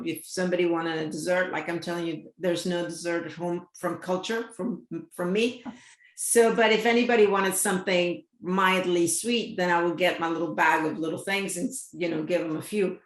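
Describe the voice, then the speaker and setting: Woman co-host, lower pitch, meandering storyteller, roomy echo. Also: fairly even intonation, moderate pace. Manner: rambling, warm anecdotes with soft laughs. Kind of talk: casual chat. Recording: echoey room.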